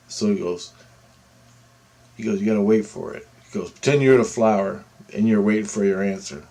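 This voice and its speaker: A man telling a personal story in a casual, rambling way, acting out what others said with sudden excited jumps in his voice. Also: brisk, creaky. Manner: animated, quotes others with big pitch jumps, rambling with restarts. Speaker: storyteller recounting a personal experience.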